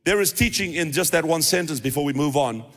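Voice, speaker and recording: A pastor preaches a sermon emphatically, hammering his points home with repeated phrases. He talks fast, with a voice on the high side and a fairly bright tone, and the large hall gives a long reverb.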